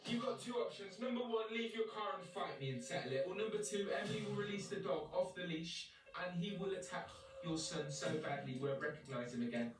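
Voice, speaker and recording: A man's voice: sits high, lively intonation, brisk, background noise. A man voicing a threatening parent who taunts another at the school gate. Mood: menacing. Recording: roomy, distant, loud music behind.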